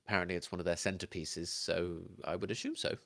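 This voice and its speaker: Fussy formal clerk for a tabletop game, played by a man; deep and dry. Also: steady tone, quick pace, fairly bright tone, no room sound. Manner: polite, formal and careful. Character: fussy male library clerk, businesslike.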